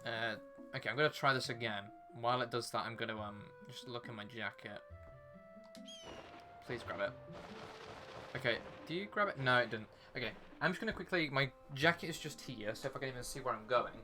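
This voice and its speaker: Speaking briskly over music, a young man in his young-adult years chats casually while streaming a game. His voice is medium-pitched; he rambles to viewers and the game character and sounds sniffly from a runny nose.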